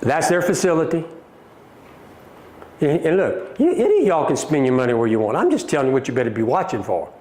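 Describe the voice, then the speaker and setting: A man's voice: on the high side, big pitch swings, fairly quick, darkish tone. A middle-aged man with a Southern American accent, hosting a livestream and answering viewer comments in a combative, emphatic way. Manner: combative, emphatic, repeats points, addresses viewers as folks. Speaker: company CEO hosting a livestream. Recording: echoey room.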